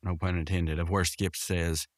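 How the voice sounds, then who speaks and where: Low-voiced man rambling through a cartoon recap. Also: flat delivery, normal speed, dry recording, clean studio sound. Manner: rambling, full of fillers and restarts, quotes characters in raised voices. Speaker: podcast host recapping a cartoon episode. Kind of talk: casual episode recap.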